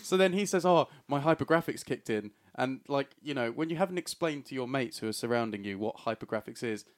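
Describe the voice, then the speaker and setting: Man, podcast co-host, giggly and excitable, mid-pitched, with a sweary storyteller's energy. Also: fast talker. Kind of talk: casual chat, recapping a cartoon.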